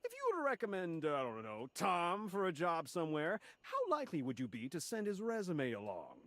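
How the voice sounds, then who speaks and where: A hearty, folksy helper in a video game, pushing a survey with salesy pep. His pitch leaps wildly from low to high. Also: wildly swooping pitch, brisk, a bit bright, no echo.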